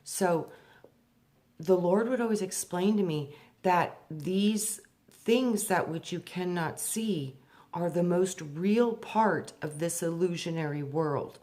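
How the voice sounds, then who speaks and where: This spiritual speaker, a woman, recounts her personal story with hushed, unhurried weight on its deeper points. When a memory comes back she becomes animated, her voice climbing sharply as she voices who she used to be.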